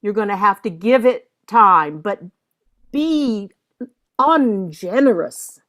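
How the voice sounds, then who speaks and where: A woman's voice: medium pitch, lively intonation, takes it slowly, fairly bright tone. An older woman leading a masterclass, giving direct coaching instructions and scatting rhythms aloud to show what she wants.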